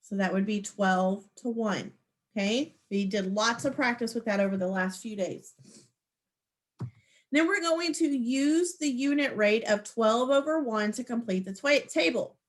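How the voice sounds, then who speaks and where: A woman teaches a math class over a video call in an online lesson, her voice a little high and unhurried. She's patient and encouraging, explaining each step.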